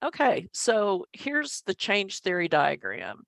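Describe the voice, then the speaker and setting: A woman's voice: medium pitch, huge pitch swings, takes it slowly, vocal fry, fairly bright tone, no echo. A middle-aged woman, a statistician, explaining measures in an online training session with goofy self-deprecating humor. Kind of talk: online presentation.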